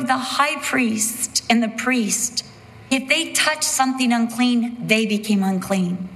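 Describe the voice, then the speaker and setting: Woman preaching slow n emphatic, kinda high voice, long pauses. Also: fairly bright tone, big-room sound, poor audio. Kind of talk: sermon.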